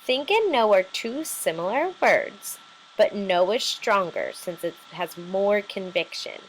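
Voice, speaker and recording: A woman's voice: mid-range voice, lively intonation, slow, slight background noise, poor audio. A woman teacher giving a recorded lesson, explaining patiently step by step with many fillers.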